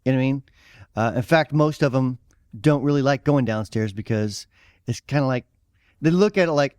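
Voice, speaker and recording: A man's voice: medium pitch, moderate pace, darkish tone, smooth, no room sound, studio quality. A man with a Midwestern accent co-hosting a podcast in casual chat, rambling with fillers and easy laughs. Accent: American Midwest. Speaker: podcast co-host.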